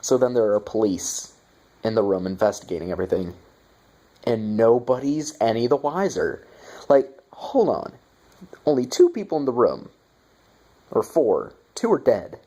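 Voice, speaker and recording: A man's voice: mid-range voice, sing-song, moderate pace, long pauses, warm tone. A young man giving a casual movie review, sarcastic and profane, with mocking asides.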